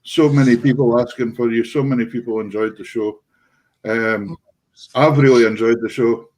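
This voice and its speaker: A man's voice: medium pitch, steady tone, normal speed, a little mellow, poor audio. A man with a Scottish accent hosting a casual music show, full of effusive praise and thanks. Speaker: show host. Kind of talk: casual chat.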